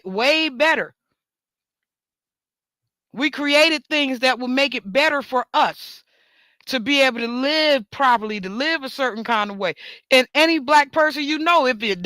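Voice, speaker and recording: American host, casual monologue rant, emphatic and repetitive, high bright voice. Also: no echo. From United States. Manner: emphatic, repetitive storytelling with cursing. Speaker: talk show host.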